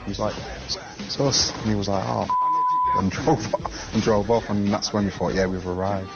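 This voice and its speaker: A man's voice: lowish voice, steady tone, normal speed, vocal fry. A man, a pop singer, telling boastful, laddish anecdotes in a documentary interview. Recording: dull TV audio with music.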